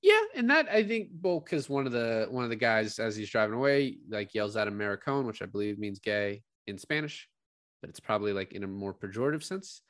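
A man's voice: on the low side, fairly quick, no room sound, clean studio sound. A man co-hosting a podcast, talking casually about a film and acting out its lines with bursts of laughter. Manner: animated, acts out quotes from scenes with laughs. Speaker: podcast co-host. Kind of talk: casual movie discussion.

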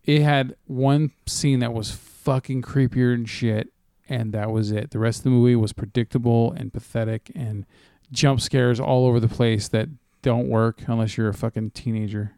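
A man co-hosting a relaxed chat podcast, talking loosely with plenty of ums and casual cursing. His voice is smooth and clear, and it is recorded close on a dry mic. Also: medium pitch, moderate pace, hardly any pauses, dry recording. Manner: laid-back, swearing, filler-heavy. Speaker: podcast co-host.

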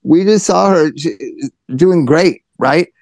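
A man with a fairly high voice hosts a podcast in casual chat. He tells stories with a lot of animation, swearing now and then, and his voice swings up and down. The sound is dry and close. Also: takes it slowly, gravelly, no echo. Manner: animated, swears, swings pitch widely when telling stories. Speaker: podcast host.

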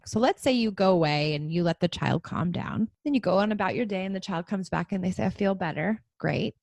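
Animated woman in her forties, dry close sound. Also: lowish voice, fairly quick, creaky, dry recording. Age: 40s. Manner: animated storyteller, acts out kids' voices. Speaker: podcast co-host, parent coach. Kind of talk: casual parenting podcast chat.

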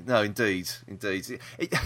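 A man's voice: on the low side, unhurried, a bit bright. A man co-hosting a casual podcast chat, rambling with restarts and laughter. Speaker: podcast co-host.

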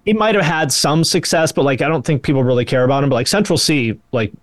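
An American man hosting a podcast in casual chat, easygoing and quick to agree. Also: on the high side, dry recording. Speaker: podcast host.

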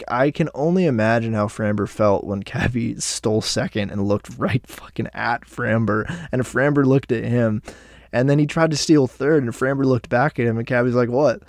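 A man casually recapping a week of baseball as a fan, animated and swearing freely, on a close microphone. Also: medium pitch, no room sound. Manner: animated, profane, fan banter. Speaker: sports podcaster.

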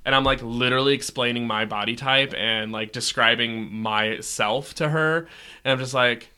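A man co-hosting a podcast, chatting casually and telling an animated story with lots of fillers. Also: medium pitch, normal speed, clean tone. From Omaha, Nebraska. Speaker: podcast co-host. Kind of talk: casual chat.

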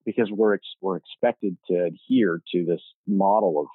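Deep raspy man on a phone line. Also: no room sound. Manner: emphatic, pausing to reframe the guest's point for listeners. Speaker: host. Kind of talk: conversational interview.

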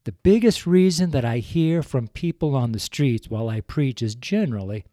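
A man's voice: medium pitch, expressive, moderate pace, hardly any pauses, warm tone, no echo, studio quality. A man in his sixties, a street preacher speaking on a podcast, crying and pleading earnestly into his microphone. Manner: pleading, earnest, repetitive appeals. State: tearful, crying while speaking.

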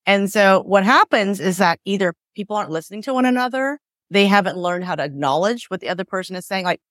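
A woman's voice: medium pitch, expressive, fast, a bit bright, no room sound, studio quality. A woman divorce mediator in a conversational interview, explaining with acted-out examples and lots of "like" and "right?".

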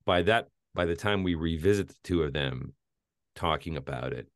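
Deep-voiced man retelling film scenes. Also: normal speed, no echo, clean studio sound. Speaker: film podcast co-host. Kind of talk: casual film review chat.

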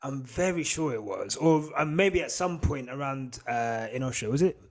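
A man co-hosting a motorsport podcast, chatting casually and animatedly with frequent laughs. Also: mid-range voice. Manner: animated, laughs often, fast asides. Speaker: podcast co-host. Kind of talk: casual chat.

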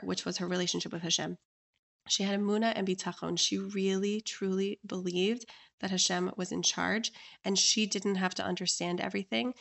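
A woman, a life coach, telling her personal story in a conversation, lively and full of "like" fillers. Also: mid-range voice, gravelly. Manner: animated, lots of "like" fillers, acts out quoted voices. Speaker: life coach and interview guest.

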